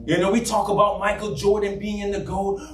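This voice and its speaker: A man preaching in a church, with a high, lively voice that often rises to a shout. His sermon rings around a roomy, echoey hall, and he sounds a little distant from the mic. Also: moderate pace. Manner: emphatic, often shouting, plays with pitch; mocks a flat monotone preacher for effect. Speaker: pastor. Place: church sanctuary.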